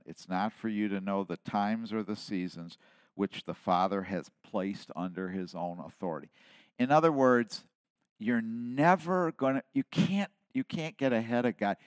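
A man in his seventies preaching a sermon, dropping to hushed asides and then rising to loud, emphatic declarations. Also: on the low side, expressive, normal speed, clean tone, dry recording. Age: 70s. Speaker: pastor.

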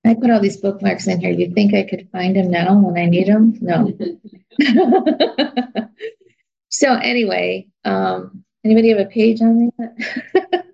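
A woman's voice: medium pitch, unhurried, gravelly, long pauses, slightly rough. A woman teaching an informal Bible lesson, chatty and self-deprecating, leafing through her notes as she talks. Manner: chatty, laughs at herself, searches notes aloud. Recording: dull lo-fi recording.

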